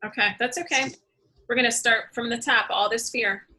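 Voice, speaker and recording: Bright-voiced woman guiding a tapping session. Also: a little high, normal speed, slightly rough. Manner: calm, leads phrases for the client to repeat. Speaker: tapping practitioner.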